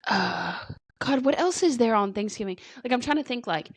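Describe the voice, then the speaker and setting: A woman's voice: on the high side, expressive, normal speed. Rambling, profane woman chatting. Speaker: podcast co-host. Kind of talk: casual chat.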